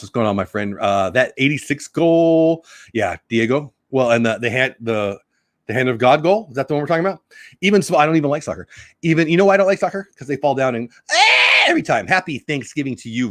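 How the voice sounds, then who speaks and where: Guy hosting a live stream, chatty and jokey, mid pitch, dry close sound. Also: dry recording. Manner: chatty, jokey, reads headlines and greets chat viewers. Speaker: host of a live news stream. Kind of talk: casual live-stream chat.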